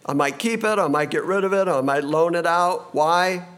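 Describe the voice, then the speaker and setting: A man preaching a sermon as a pastor, animated and expressive, sometimes acting out confused voices from the passage. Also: on the high side, moderate pace, clean tone.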